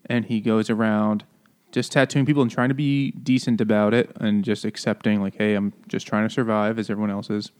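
A man co-hosting a casual book podcast, animated and joking. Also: fairly low pitch, a little fast, clean tone. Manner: animated, mocks villain voices. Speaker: podcast co-host. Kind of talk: casual chat.

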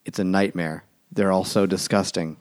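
A man on a relaxed podcast who reads bits of the text aloud and then comments on them. His voice sits fairly low. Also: moderate pace, dry recording, clean studio sound. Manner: reads passages aloud from the story. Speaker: podcast co-host. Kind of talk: casual book chat.

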